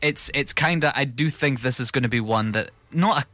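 A man's voice: medium pitch, fairly quick, sharp tone, no echo. A British man co-hosting a podcast, chatting casually about film news and often restarting his sentences. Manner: rambling, restarts with repeated words. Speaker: podcast co-host.

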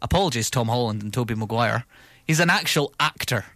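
A man's voice: mid-range voice, expressive, a little fast, bright, forceful tone, no echo. A British man co-hosting a podcast, chatting casually about film news and often restarting his sentences. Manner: rambling, restarts with repeated words. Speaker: podcast co-host.

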